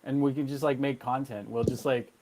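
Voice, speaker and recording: A man's voice: mid-range voice, steady tone, a little fast, a little mellow. Laid-back slangy man. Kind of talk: casual chat.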